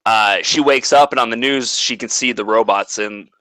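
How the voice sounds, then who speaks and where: A man's voice: lowish voice, moderate pace, pushed and bright, no room sound, rough recording. A man co-hosting a casual chat, rambling through a plot recap with lots of swearing and filler "like"s. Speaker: podcast co-host.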